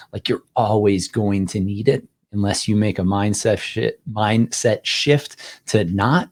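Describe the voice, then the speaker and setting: Casting note: low-voiced male podcast co-host, blunt and emphatic, swears freely. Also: normal speed, darkish tone. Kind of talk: casual podcast talk.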